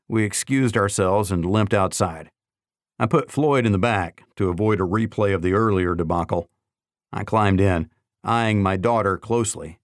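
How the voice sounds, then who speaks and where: A man narrating a novel in the first person in a measured, even storytelling manner. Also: low-pitched, no room sound, clean studio sound. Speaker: audiobook narrator.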